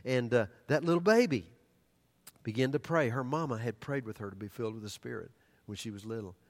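Older preacher telling a sermon story. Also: male voice, medium pitch, fairly quick. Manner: animated storytelling that drops to hushed, earnest tones.

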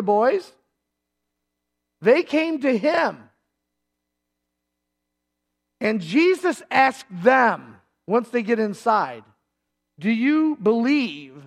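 High-voiced man preaching with animated delivery. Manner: animated storytelling, acting out voices and shouts. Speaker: pastor. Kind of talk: sermon.

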